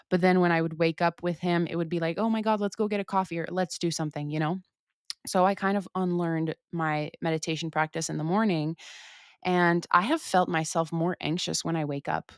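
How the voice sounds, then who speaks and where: A woman's voice: lowish voice, no room sound, studio quality. A young woman hosting her own podcast, talking casually and candidly, cursing often and acting out her own thoughts. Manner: chatty, frequent cursing, acts out her own inner voice. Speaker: podcast host. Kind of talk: casual solo chat.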